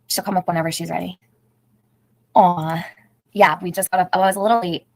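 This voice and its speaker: A woman's voice: lowish voice, fairly even intonation, a little fast, a little mellow, dry recording, low-quality recording. A middle-aged woman hosting a casual livestream, chatting, greeting viewers by name and laughing often. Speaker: livestream host.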